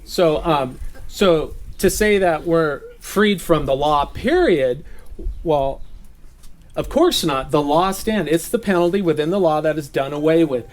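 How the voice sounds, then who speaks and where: A man's voice: fairly high pitch, lively intonation, a little slow. A man raised in Southern California giving an informal, conversational Bible teaching, laughing at his own jokes.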